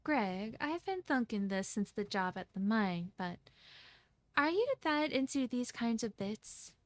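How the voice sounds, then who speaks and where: A woman's voice: a little high, expressive, measured pace, no echo. A woman voicing a bubbly young woman with a chatty, teasing manner.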